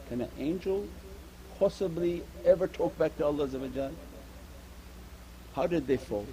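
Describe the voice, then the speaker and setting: Male Sufi preacher, slightly high, mellow voice, earnest and repetitive delivery. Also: normal speed, rough recording. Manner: earnest, repetitive exhortation with Arabic religious terms. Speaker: Sufi teacher. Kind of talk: sermon.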